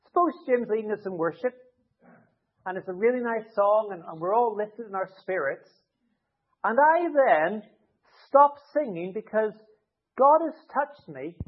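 A man with a rather high, breathy-edged voice preaches a conversational sermon, walking the congregation through his points with simple everyday what-if scenarios. The sound is tinny and narrow-band, thin and boxy like a phone line.

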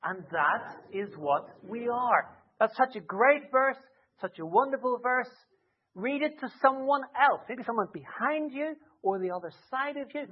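A man preaching a sermon expressively, with dramatic rises and soft drops. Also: very high-pitched, lively intonation, moderate pace. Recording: tinny phone-like sound.

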